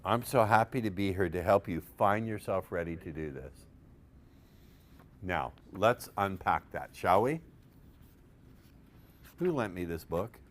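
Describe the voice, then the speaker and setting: Deep-voiced man teaching a seminar. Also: expressive, unhurried, long pauses. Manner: playful and profane, coaxing the audience with questions. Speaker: seminar presenter teaching persuasion. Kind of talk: live seminar lecture. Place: seminar room with an audience.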